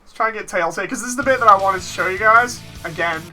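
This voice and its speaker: Chatty streamer woman, bright forceful voice. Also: medium pitch, fast talker. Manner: reads chat messages aloud, chatty and laughing. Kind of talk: casual gameplay stream commentary. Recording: faint game music behind.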